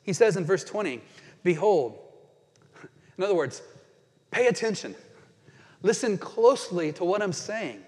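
A pastor preaches in a church sanctuary in a fairly high, slightly mellow voice, very animated and earnest. He slows way down to savor quoted scripture. The hall adds a long reverb.

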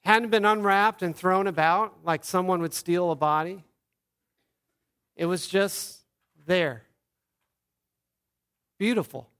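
A pastor's Easter sermon delivered by a man in his thirties with a notably high-pitched voice. He tells the story earnestly, slowing to voice quoted words softly. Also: smooth.

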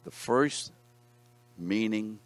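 Deep-voiced man teaching a Bible class. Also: expressive, extremely slow. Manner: conversational, asks the class questions, reads scripture aloud.

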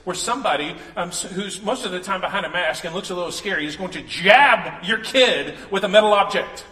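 A man's voice: high voice, brisk, pushed and bright. A man preaching a sermon in a casual, joking way, acting out the voices he quotes. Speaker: pastor. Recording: echoey hall, long reverb.

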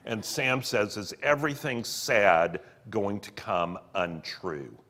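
A man reads passages aloud and then explains them, earnest and expressive. His delivery is slow and unhurried, and his pitch rises and falls a great deal. A long reverb trails behind his voice. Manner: earnest, expressive, slips into fillers when explaining. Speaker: podcast co-host discussing a book. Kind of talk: reading passages aloud with commentary.

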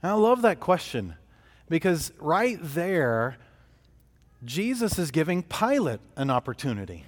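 A man delivers an earnest sermon in a somewhat high voice, pausing and restarting his phrases as he works through the passage. His words ring out with the long reverb of a church sanctuary. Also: big pitch swings. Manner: earnest, thinking aloud with frequent restarts. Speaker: pastor. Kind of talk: expository sermon.

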